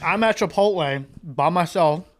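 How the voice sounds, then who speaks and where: A young man and grappling coach telling a story in a casual podcast chat, animated, laughing often and acting out the dialogue. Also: high-pitched, normal speed.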